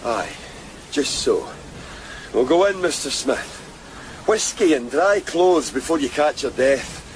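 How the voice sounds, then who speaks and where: An actor playing a kindly, concerned village weaver with a Scottish accent, speaking plainly and coaxingly in a radio drama. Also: male voice, medium pitch, lively intonation, slow, a little hiss or hum, low-quality recording. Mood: gentle concern. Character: Thomas Buchan, a kindly middle-aged village weaver.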